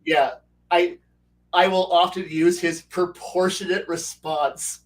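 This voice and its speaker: A man hosting a casual chat about tabletop game design, animated and laughing, acting out quoted voices and swearing now and then. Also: high-pitched, slow, far from the mic, poor audio. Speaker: host. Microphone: video call.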